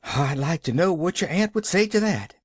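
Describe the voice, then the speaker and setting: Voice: mid-range voice, lively intonation, moderate pace, husky, no echo, studio quality, voice pushed up. A reader voicing Nancy, a flustered rural servant woman who talks in folksy dialect. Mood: fretful.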